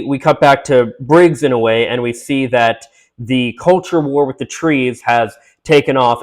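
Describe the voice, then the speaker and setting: A man casually recapping a film, rambling with fillers and restarts, and briefly acting out the characters' lines. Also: mid-range voice. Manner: acts out characters' lines in quick voices. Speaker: movie recap host.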